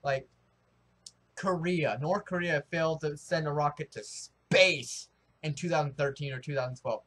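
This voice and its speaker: Young American guy, high voice, excitable and rambling, casual vlog talk. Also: normal speed. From United States. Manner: rambling, excitable, with many restarts and fillers. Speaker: vlogger.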